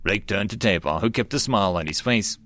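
A man narrates a web novel for an audiobook, doing every role himself and pitching his voice up for the dialogue. He's on the low side, fairly bright in tone, brisk, and lively in his intonation, with no room sound in the recording.

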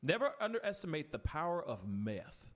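A man's voice: fairly high pitch, moderate pace. A man hosting a podcast, chatting casually and ranting animatedly about TV shows. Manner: animated, ranting with mocking quoted voices. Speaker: podcast host. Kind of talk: casual chat.

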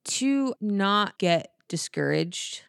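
A woman's voice: medium pitch, expressive, very slow, creaky, clear, resonant tone, no echo. Laughing woman improviser, dry sound. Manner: laughs often, talks through ideas. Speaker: podcast guest, improv performer. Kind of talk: casual podcast interview.

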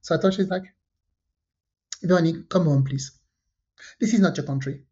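Woman storyteller, low voice, lo-fi. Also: moderate pace. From France. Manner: animated storyteller, acts out quotes, laughs often. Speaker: podcast co-host. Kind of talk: casual chat, storytelling. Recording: dull lo-fi sound.

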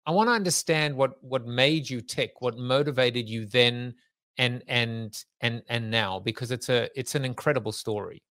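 Host, man from South Africa, mid-range voice, relaxed and joking, lots of ums; dry close mic. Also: mid-range voice, moderate pace, dry recording. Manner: chatty, jokey, hesitant with many fillers. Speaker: podcast host. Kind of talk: casual interview.

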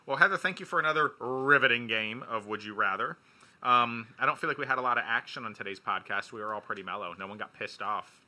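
A man's voice: medium pitch, quick pace, bright, forceful tone. A man hosting a casual podcast, joking and laid-back, talking into a studio mic. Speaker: podcast host. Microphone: studio mic with spit guard.

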